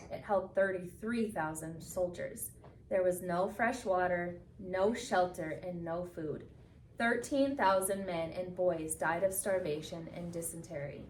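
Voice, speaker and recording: A woman reading a picture book aloud with expressive storytelling, slowing down for the solemn moments. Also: mid-range voice, slight background noise. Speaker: reader. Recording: echoey room from a distance.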